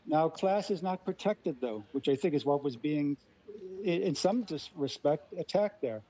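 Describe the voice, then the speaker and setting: Radio panel guest, man from LA, measured and explanatory, slightly high, dull lo-fi sound. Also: expressive, dark tone. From Los Angeles. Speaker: guest linguist.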